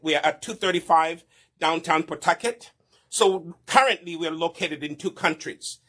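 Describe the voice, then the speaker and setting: A man's voice: on the high side, sharp tone. A middle-aged man running a hair care demonstration, lecturing viewers and often asking "okay?" to check they follow. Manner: preachy, repeats questions like "Okay?" and "Do you understand me?". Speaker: hair care business co-owner demonstrating products.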